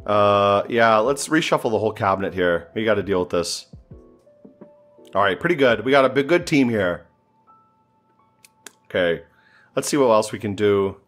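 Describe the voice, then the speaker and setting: A man's voice: fairly low pitch, expressive, normal speed, pauses often, a bit bright, soft background music. A man giving casual, joking commentary while playing a strategy game, thinking aloud and sounding exasperated. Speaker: gameplay streamer.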